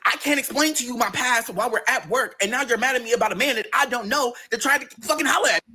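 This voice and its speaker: A man telling a personal story in a storytime vlog, animated, dramatic and full of cursing. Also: extremely high pitch, fast talker, breathy edge.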